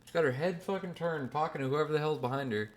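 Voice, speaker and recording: A man in his twenties, a podcast host telling a story in a casual, animated way, swearing and using slang freely. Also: fairly high pitch, fast.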